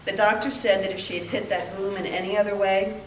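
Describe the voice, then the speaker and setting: An older woman giving a heartfelt memorial tribute, telling stories with pauses. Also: medium pitch, little pitch movement, a little hiss or hum. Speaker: eulogy speaker. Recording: echoey room, heard from a distance.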